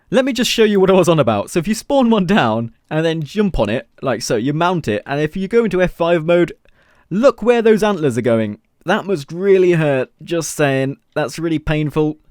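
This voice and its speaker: A young man giving casual, chatty gameplay commentary as a video host, excitable and laughing often. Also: a little high, dry recording, clean studio sound. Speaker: gaming YouTuber.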